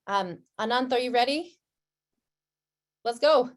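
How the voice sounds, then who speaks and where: A woman hosts a webinar in a friendly, measured voice. She keeps her pace unhurried so listeners can follow along. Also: medium pitch. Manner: friendly, measured, speaks slowly for the audience. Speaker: webinar host. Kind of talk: moderated webinar discussion.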